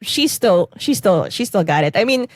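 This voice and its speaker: A woman co-hosts a casual film podcast, full of enthusiasm and filler words. Her voice sits in a middle pitch. The recording is dry and close. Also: big pitch swings, moderate pace, no echo. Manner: chatty, says "like" a lot, enthusiastic. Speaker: podcast co-host. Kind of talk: casual film review chat.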